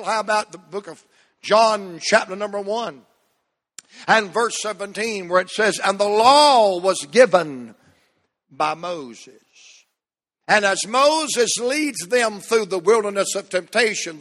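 A man preaching a sermon as pastor, slow and emphatic, drawing out key words. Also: high voice, a bit bright, big-room sound. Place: church sanctuary.

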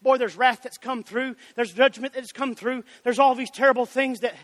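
A man preaching a fiery Baptist sermon, shouting and calling out to congregants by name. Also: extremely high pitch, fairly even intonation, normal speed. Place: church sanctuary. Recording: church hall with long reverb.

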